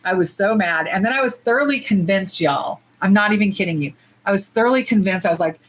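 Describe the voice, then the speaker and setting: A woman's voice: medium pitch, fairly quick, low-quality recording. Chatty woman on a livestream. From United States. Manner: chatty, animated, swears freely, says y'all. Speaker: nail polish swatching livestreamer. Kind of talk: casual livestream chat.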